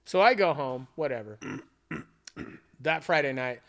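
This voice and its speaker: A man co-hosting a podcast, telling a long story in a casual, animated way with plenty of swearing. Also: medium pitch, unhurried. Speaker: podcast co-host.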